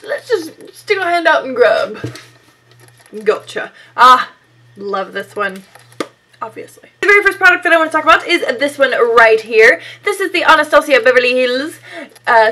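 A young woman talks through her favorite beauty products in a loose, chatty vlog style. She laughs often and leans on "like" as she goes. Her voice is bright and forceful and sits a bit high. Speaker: beauty vlogger. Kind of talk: casual makeup favorites vlog.

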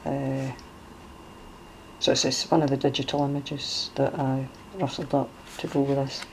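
A woman's voice: a bass voice, flat delivery, measured pace, a little hiss or hum, low-quality recording. A middle-aged Scottish woman with a Glasgow accent, chatting casually as she shows off a handmade journal, with lots of fillers and restarts. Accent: Glaswegian Scottish. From Scotland. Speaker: crafter showing a junk journal. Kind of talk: casual show-and-tell.

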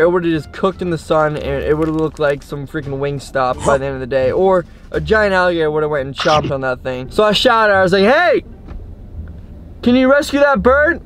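A man hosting a fishing vlog, talking to camera in an excitable, hyped, slang-filled way. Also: a little high. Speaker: fishing vlogger host. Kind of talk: casual vlog talk to camera.

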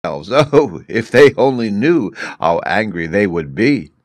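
A man's voice: fairly low pitch, big pitch swings, slow pace, no room sound. A man reading a story aloud, voicing a scheming, penniless male court jester in a pleading, eager way.

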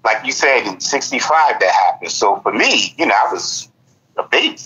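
A man's voice: medium pitch, sing-song, normal speed, sharp tone. An American man in his fifties, a guest in a casual conversation, reflective and often agreeing. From United States. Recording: muffled lo-fi audio.

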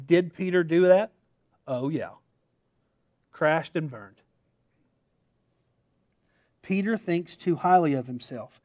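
Middle-aged male pastor, high-pitched, dry close-miked delivery; a humorous storyteller who pokes fun at himself from the pulpit. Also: expressive, slow, long pauses, a little mellow, dry recording. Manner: storytelling, self-deprecating, laughs at himself. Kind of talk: sermon.

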